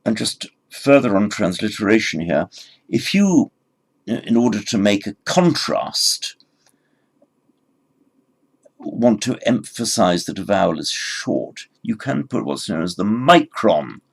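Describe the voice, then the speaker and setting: A man teaching a recorded grammar lesson, explaining word forms patiently and spelling them out slowly. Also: lowish voice, sing-song, gravelly. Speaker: language teacher.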